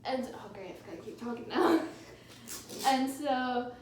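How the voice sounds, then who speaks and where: A woman co-hosting a podcast improvises a silly story, giggly and rambling. Her voice is high, and she sits back from the mic in an echoey room with faint noise. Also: takes it slowly, far from the mic. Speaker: podcast co-host.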